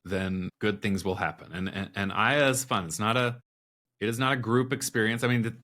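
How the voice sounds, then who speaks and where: Man telling a candid personal story. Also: fairly low pitch. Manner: candid, animated retelling with quoted inner dialogue. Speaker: podcast guest.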